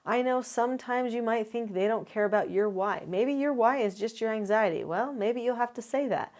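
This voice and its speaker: A woman, a parenting educator, giving an instructional talk to camera. She explains her advice clearly and methodically, counting down numbered tips in an earnest, encouraging way. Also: a little high, normal speed, hardly any pauses, darkish tone.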